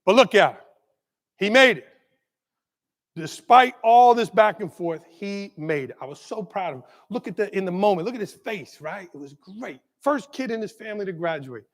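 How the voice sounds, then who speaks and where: A man giving a motivational keynote as a school leader, telling a story with animated energy and checking in with the crowd with constant "right?"s. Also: high voice, moderate pace. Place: large conference hall. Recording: long hall reverb.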